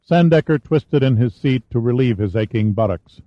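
A man reading a novel aloud as narrator, telling the story in an even manner and shifting his voice for the dialogue. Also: mid-range voice, normal speed, hardly any pauses, no room sound, muffled recording. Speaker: audiobook narrator. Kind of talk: scripted narration with character voices.

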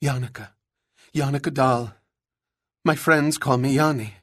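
A man's voice: medium pitch, measured pace, lightly acted. A man voicing a frightened young woman in her early twenties who speaks timidly and stammers.

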